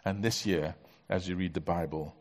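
A man preaching as a pastor, with measured, emphatic repetition. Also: deep voice, steady tone, a little mellow, long reverb tail. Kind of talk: sermon.

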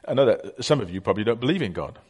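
Chatty middle-aged preacher. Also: male voice, mid-range voice, expressive, very fast, a little mellow, breathy edge. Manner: anecdotal, conversational with many fillers. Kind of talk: sermon.

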